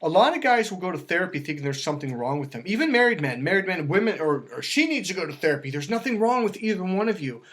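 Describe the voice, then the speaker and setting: A man talking as a dating coach, emphatic and lively, acting out quoted voices as he explains. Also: high voice, fast, few pauses. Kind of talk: animated coaching talk.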